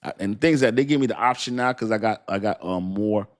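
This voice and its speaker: A man's voice: fairly low pitch, a little fast. A man hosting a casual crypto livestream, talking straight to his viewers in a rambling, slangy way, laughing often and poking fun at himself. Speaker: crypto channel host.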